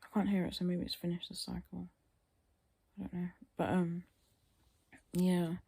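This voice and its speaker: Tired young woman vlogger rambling, half asleep, bit of vocal fry, dark mellow voice. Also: on the low side, flat delivery, normal speed. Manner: rambling, tired, trailing off into mutters. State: sleepy, yawning. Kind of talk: casual chat to camera.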